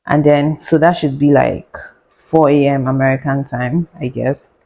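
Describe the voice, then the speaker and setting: A woman's voice: a bass voice, steady tone, measured pace, vocal fry, warm tone, rough recording. A young woman, a doctor, telling a story in a sarcastic, chatty way while she cooks, laughing and muttering to herself. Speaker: doctor and vlogger. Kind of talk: casual storytime chat while cooking.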